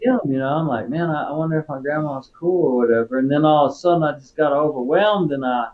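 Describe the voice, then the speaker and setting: A man's voice: fairly high pitch, fast talker, narrow, tinny audio. A man from Texas, a former Marine, telling stories in a casual interview in a laid-back, profane way. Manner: profane, laid-back, peppers talk with "dude" and "right?".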